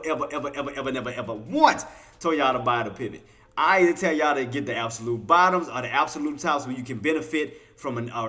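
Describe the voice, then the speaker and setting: A man's voice: on the high side, pushed and bright. A man hosting a live trading stream, talking to his chat in a casual, colloquial way, repeating himself and quizzing viewers. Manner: casual colloquial speech, talks to chat as y'all. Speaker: trading livestream host. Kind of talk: live intraday trading commentary.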